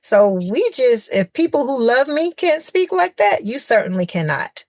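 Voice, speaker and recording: A woman, a childcare center owner on a podcast as a guest, telling stories in a lively way and acting out what people said. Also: a little high, normal speed, no room sound. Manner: animated storytelling, acting out quoted dialogue. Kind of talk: casual conversational interview.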